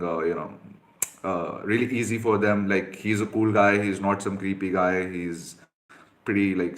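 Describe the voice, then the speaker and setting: A man with a fairly low voice works through viewer questions as a dating coach. He talks bluntly and instructively, padding his points with frequent fillers. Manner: direct, instructive, with many fillers.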